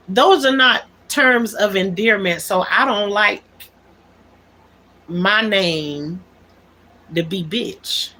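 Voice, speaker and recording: A woman's voice: mid-range voice, slow pace, bright, forceful tone. A woman hosting a livestream, talking things out in an aggrieved, emphatic way and repeating her key words. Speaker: livestream host. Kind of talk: unscripted livestream monologue.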